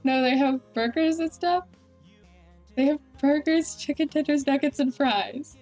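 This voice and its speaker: A woman's voice: high-pitched, measured pace, darkish tone, faint music behind. A woman with an Australian accent, a streamer chatting casually and rambling animatedly while she plays a game. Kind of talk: casual chat while gaming.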